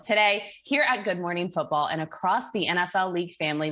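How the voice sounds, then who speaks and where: Bright-voiced upbeat woman hosting sports TV. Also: medium pitch. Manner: upbeat, chatty, leads the segment. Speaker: morning show host. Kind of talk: live TV sports talk.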